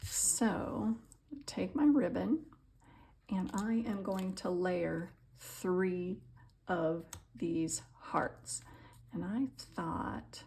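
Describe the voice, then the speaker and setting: A woman hosting a crafting tutorial, gushing and excitable with gasps and soft whispered asides as she demonstrates at her craft table. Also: on the low side, very slow, gravelly, slight background noise. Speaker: crafting channel host.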